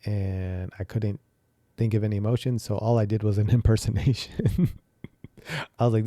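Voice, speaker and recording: A man's voice: fairly low pitch, steady tone, normal speed, pauses often, warm tone, dry recording. A young man hosting a podcast, candidly telling a personal story in a rambling way, with many fillers and restarts. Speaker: podcast host.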